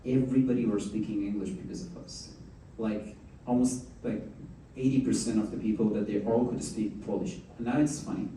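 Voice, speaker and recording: A man's voice: lowish voice, fairly even intonation, brisk, few pauses, warm tone, slight background noise. A man hosting a fireside chat, joking and chatty, often restarting his sentences. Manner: chatty, jokes, many restarts. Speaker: host. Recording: echoey hall, mic at a distance.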